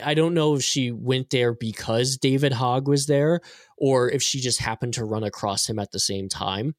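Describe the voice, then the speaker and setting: A man's voice: fairly low pitch, a bit bright, no echo, clean studio sound. A man in a casual political podcast chat, talking bluntly with exasperation. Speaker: podcast panelist.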